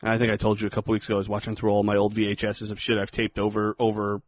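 A man's voice: lowish voice, monotone, racing, a little hiss or hum. A man from the New York area co-hosting a casual film commentary podcast, rambling, joking and swearing freely. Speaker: podcast co-host.

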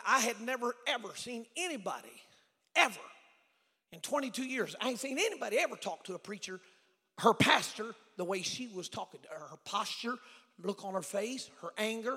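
An older man preaching a sermon as evangelist, folksy and storytelling, rising to shouts. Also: sits high, lively intonation, normal speed, breathy edge. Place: church sanctuary. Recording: church hall reverb.

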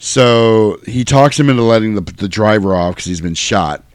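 A man's voice: on the low side, animated, moderate pace, dry recording, studio quality. A man chatting casually on a podcast, animatedly retelling a movie scene by scene and laughing often. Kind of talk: casual chat recapping a movie.

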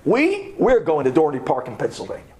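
Rabbi telling a story to a class, high voice that swings widely, dramatic, drops to hushed tones at tense moments. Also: male voice, normal speed. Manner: animated, dramatic storytelling with sudden drops to a hush.

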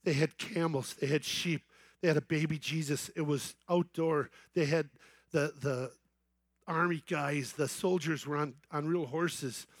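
A middle-aged man giving an evangelistic sermon on a festival main stage, telling a story that builds to excited shouting. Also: on the high side, a little slow, dry recording. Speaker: festival speaker.

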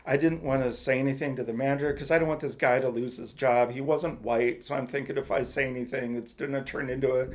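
A man co-hosting a podcast, telling a personal story in a halting, rambling way with lots of restarts. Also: mid-range voice, steady tone. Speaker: podcast co-host. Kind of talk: casual chat, personal story.

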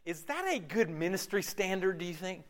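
Animated, high-voiced male pastor preaching. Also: normal speed. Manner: animated, casual and joking, slangy. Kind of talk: sermon.

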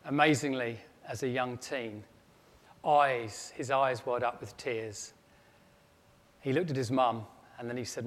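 A man's voice: medium pitch, unhurried. A man preaching a storytelling sermon with dramatic rising emphasis. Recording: long echo of a large hall.

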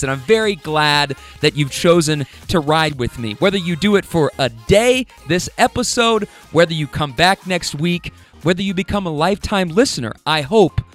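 A man's voice: fairly high pitch, fairly bright tone. A man hosting his own podcast, introducing the episode in a casual, enthusiastic and slangy way, rambling with restarts. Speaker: podcast host.

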